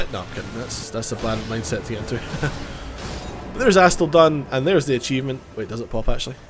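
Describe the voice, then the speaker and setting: A man's voice: medium pitch, expressive, a little fast, music in the background. Casual joking man with a cold. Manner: casual, joking, self-mocking, swears. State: has a cold. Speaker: gaming YouTuber. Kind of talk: gameplay commentary.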